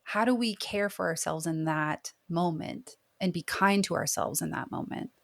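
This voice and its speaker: A woman's voice: lowish voice, normal speed, creaky. A woman in her thirties, a therapist guest on a podcast interview, talking in an earnest, reflective way, full of "like.". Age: 30s. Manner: earnest, reflective, heavy use of "like".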